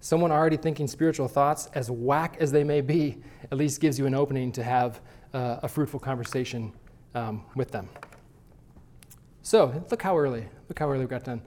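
A man's voice: mid-range voice, fairly quick, a little mellow. A man teaching a Sunday school class at church, talking conversationally and often restarting his phrases.

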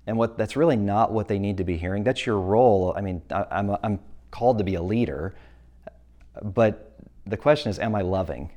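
A man's voice: fairly low pitch, moderate pace, warm tone. A man giving a church presentation to an audience, speaking earnestly and plainly, often correcting himself mid-sentence. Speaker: speaker at a church talk on abuse.

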